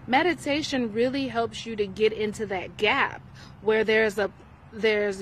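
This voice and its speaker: A woman's voice: fairly high pitch, a little hiss or hum, low-quality recording. A young adult woman teaching self-healing in a casual motivational talk, chatting conversationally and often checking in with "right?", recorded outdoors near a road.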